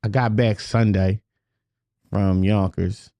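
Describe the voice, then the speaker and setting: A man's voice: fairly low pitch, steady tone, takes it slowly, dark tone, no room sound. A man, a rapper telling a story on a podcast, swearing freely and often repeating "you know what I mean". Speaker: guest rapper. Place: podcast studio.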